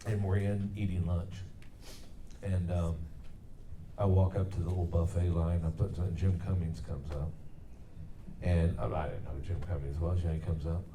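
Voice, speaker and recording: A middle-aged man with a fairly low voice tells easygoing, self-deprecating stories at a convention Q&A. His voice rings through a roomy hall and is picked up from a distance. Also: steady tone, normal speed, mellow, a little hiss or hum. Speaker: voice actor guest at a Q&A panel. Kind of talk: casual anecdotal storytelling. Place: comic convention panel room.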